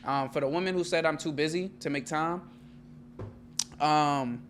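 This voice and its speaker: A man's voice: a little high, unhurried, fairly bright tone, slight background noise. A man co-hosting a casual chat podcast, talking in a laid-back, slangy way that trails off and restarts. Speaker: podcast co-host.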